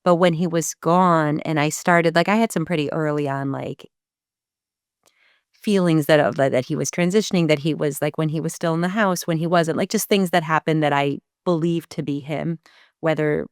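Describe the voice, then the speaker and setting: A woman hosts a casual podcast conversation, affirming her guest and stumbling slightly as she finds her words. Her voice is low and smooth, and it sits close and dry on the mic. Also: steady tone, moderate pace, no echo. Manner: affirming, hesitant with restarts. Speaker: podcast host.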